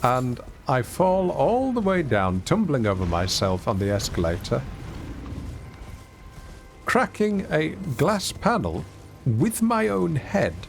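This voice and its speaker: A man's voice: medium pitch, slow, gravelly, soft background music. A man streaming a video game, telling rambling, self-mocking stories and reacting aloud to play. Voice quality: lively, rambling storyteller with self-mocking humour. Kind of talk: casual gameplay commentary and storytelling.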